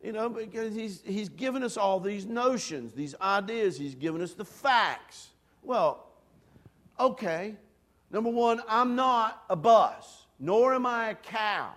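A man preaching a storytelling sermon, self-deprecating and animated, dropping to hushed asides and then rising to loud, excited bursts. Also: high voice, takes it slowly. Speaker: pastor.

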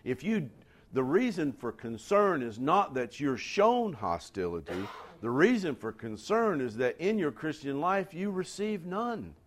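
A man's voice: on the high side, big pitch swings, unhurried. Man preaching a sermon, emphatic. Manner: rising to emphatic near-shouts on key lines; addresses the congregation directly, conversational asides. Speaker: pastor.

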